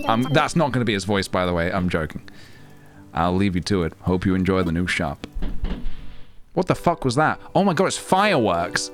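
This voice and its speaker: A man's voice: deep voice, very animated, normal speed. A man streaming a video game, chatting casually and giggling at himself as he plays. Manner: chatty, giggly, self-mocking. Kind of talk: casual gameplay commentary. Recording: game music behind voice.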